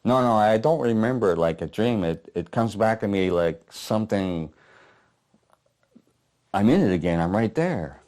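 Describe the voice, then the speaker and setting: A man reading his play aloud, playing a gruff, haunted old war veteran, telling his story bluntly and with swearing. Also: fairly low pitch, lively intonation, normal speed, darkish tone, close to an everyday voice. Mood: weary. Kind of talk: dramatic monologue reading. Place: apartment living room.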